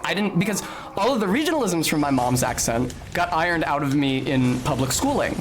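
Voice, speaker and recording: Brief: young man live-streaming a game, slightly academic-sounding delivery, yelps and curses at the game, voice on the high side. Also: expressive, fairly quick, over music. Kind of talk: casual gameplay commentary.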